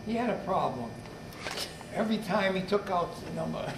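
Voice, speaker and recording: A man's voice: sits high, animated, normal speed. A man in his nineties telling a joke at his own party and chuckling through it. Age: 90s. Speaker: birthday honoree. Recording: echoey hall, far mic, loud crowd noise.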